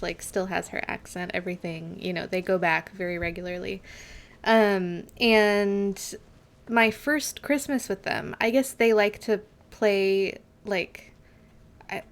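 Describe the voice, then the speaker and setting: A woman streams a game from home and chats casually into a desk mic. She talks at an unhurried pace and wanders off into stories, padding her talk with "like" and "um". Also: mid-range voice. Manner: rambling, filler-heavy storytelling. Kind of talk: casual live game commentary.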